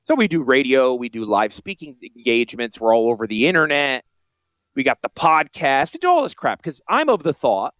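A man with a Northern US Yankee accent, a financial advisor hosting a casual promotional podcast with salesy, jokey asides and a high-pitched voice. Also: sing-song, brisk, a bit bright, dry recording. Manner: self-described high-pitched voice. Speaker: financial advisor and radio host.

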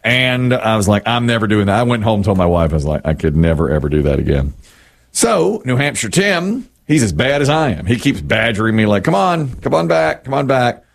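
Lively middle-aged man telling a story. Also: lowish voice, brisk, vocal fry. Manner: animated storyteller, acts out quotes. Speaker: radio show co-host. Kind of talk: casual radio banter.

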